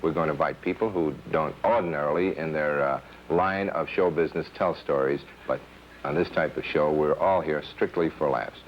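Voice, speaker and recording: Male host, show sign-off, very deep voice, courteous, dull old TV sound, faint hiss. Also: normal speed. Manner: courteous, thanks guests one by one.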